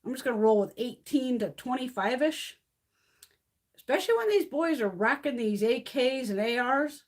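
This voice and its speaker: Her voice is a little high and a little mellow, with lively intonation and a moderate pace. She's in her fifties, hosting a casual beauty livestream from home in a mountain area, ranting bluntly and swearing constantly.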